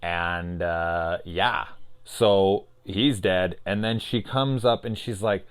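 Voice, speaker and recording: A man reviewing a horror film in loose, profane casual chat, acting out scenes in quick voices. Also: sits low, steady tone, clear, resonant tone.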